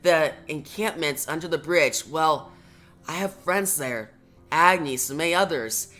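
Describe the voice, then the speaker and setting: Proud worried mother, read by a reviewer, soft, hesitant. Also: mid-range voice, unhurried, soft background music, voice pushed down. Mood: pleading.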